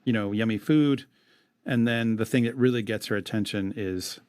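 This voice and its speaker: A man's voice: on the low side, normal speed, a little mellow, no room sound. A man co-hosting a podcast, reading an old epic poem aloud in a dramatic way and breaking off for wry comments. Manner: dramatic recitation broken by wry asides. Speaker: podcast co-host.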